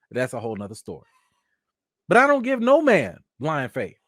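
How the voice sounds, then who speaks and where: A man's voice: sits high, dry recording, clean studio sound. A man giving casual live-stream commentary, emphatic and slangy, firing off rhetorical questions.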